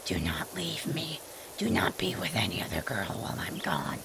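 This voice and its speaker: A woman voicing a possessive yandere demon girl in a slow, menacing whispered role-play. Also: a bass voice, sing-song, creaky, pitched below the performer's own voice, full character voice.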